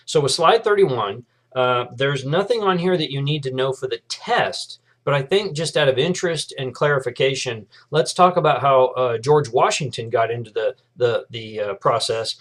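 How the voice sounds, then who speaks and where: A middle-aged man, a history professor giving a recorded lecture in a relaxed way, with many fillers and restarts. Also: mid-range voice.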